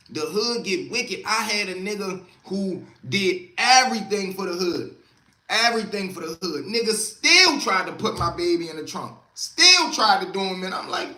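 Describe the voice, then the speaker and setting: A man's voice: high voice, pushed and bright, roomy sound. A man hosting a casual livestream, talking street life in a streetwise storytelling way and greeting viewers by name. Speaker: livestream host.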